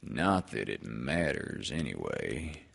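A man voicing a gloomy old male donkey in a storybook reading, talking in a slow, mournful, drawn-out deadpan. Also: extremely low pitch, vocal fry, pitched below the performer's own voice, heavily acted.

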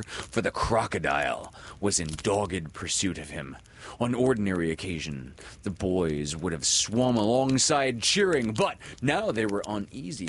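A man reading a children's story aloud, swelling loud and dropping to hushes with the action. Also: lowish voice, a little hiss or hum. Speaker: narrator.

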